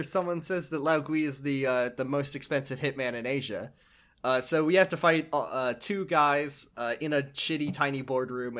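A man's voice: mid-range voice, fairly bright tone. A man recapping a video game on a podcast. He rambles and swears, and his talk is full of hesitations and restarts. His voice sits in an ordinary middle register.

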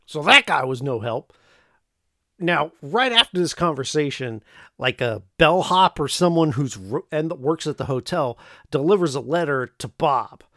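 A man's voice: fairly high pitch, expressive, measured pace, pushed and bright, dry recording, studio quality. A man casually retelling a film plot, rambling and joking with lots of fillers. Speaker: podcast host recapping a film. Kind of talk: casual chat.

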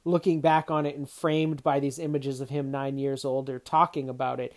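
A film reviewer walks through a movie's story in a relaxed, reflective way. The talk is unscripted, with small restarts as thoughts form. The voice sits at a middle pitch. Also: normal speed. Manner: reflective, thinking aloud with restarts. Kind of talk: casual spoken film commentary.

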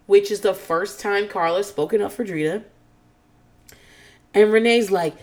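A woman's voice: medium pitch, measured pace, long pauses. A woman hosting a podcast, recapping a reality show in casual chat, swearing freely and switching to squealing mock quotes of the people she describes. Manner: animated, profane, jumps into squealing mock quotes; calls herself nervous and on edge.

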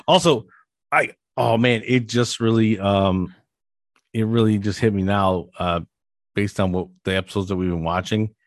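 A man with a fairly low voice co-hosting a casual podcast, rambling and hesitant with lots of restarts. The sound is dry and close. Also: moderate pace, no echo. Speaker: podcast co-host. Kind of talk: casual chat.

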